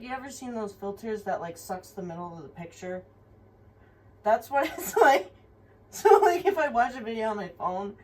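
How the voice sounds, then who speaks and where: A young woman tells a personal story in a rambling, frank way, swearing often and using many fillers. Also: fairly high pitch. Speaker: vlogger. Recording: somewhat distant mic with faint room noise.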